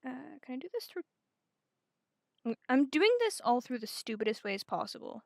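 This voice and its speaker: A young woman with a high, sing-song, creaky voice chats casually with her viewers on a live stream at a normal pace. She fumbles through her setup in a scatterbrained, self-mocking way. The sound is clean studio quality with no room sound.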